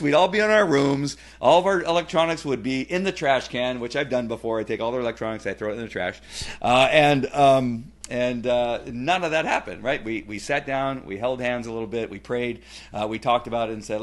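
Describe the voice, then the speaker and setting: A middle-aged man giving a casual personal testimonial, rambling with many fillers and restarts and growing animated when he retells family scenes. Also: medium pitch, brisk. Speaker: testimonial speaker.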